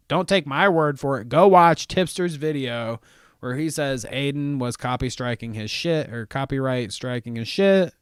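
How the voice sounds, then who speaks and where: A man's voice: mid-range voice, normal speed, smooth, no room sound, clean studio sound. A young man from Ohio hosting a casual livestream, reading viewer comments aloud with a sarcastic, joking manner and frequent laughs. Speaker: live show host reading chat.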